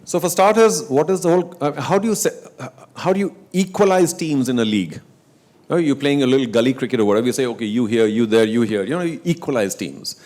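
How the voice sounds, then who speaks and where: A man's voice: on the high side, quick pace. A middle-aged man, telling stories in casual talk on stage and acting out quotes and chants. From India. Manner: animated storyteller, acts out quotes and chants. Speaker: guest speaker on sports leagues.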